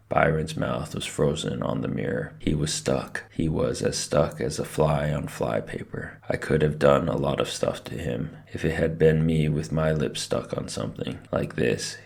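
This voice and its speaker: A man reading a children's novel aloud in an expressive, lively way. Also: a bass voice, creaky. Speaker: narrator. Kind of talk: storybook read-aloud.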